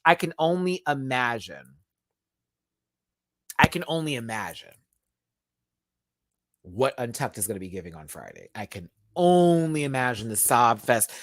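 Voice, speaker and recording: A man giving a casual live review of a reality show, expressive and profane, swinging between emotional and giggly. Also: medium pitch, dry recording, clean studio sound.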